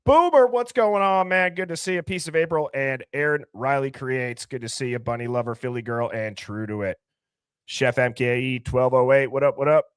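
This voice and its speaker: A live call-in show host greets viewers by name with rapid, playful, chatty shout-outs in a casual live-stream chat. His voice sits at a medium pitch with a clean tone, and the recording is dry with clean studio sound.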